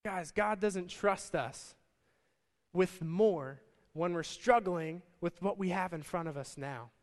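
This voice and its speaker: Male pastor, high-pitched, chatty and energetic, live sermon with long hall reverb. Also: takes it slowly. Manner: energetic, conversational, addresses crowd as guys. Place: church service with stage and band.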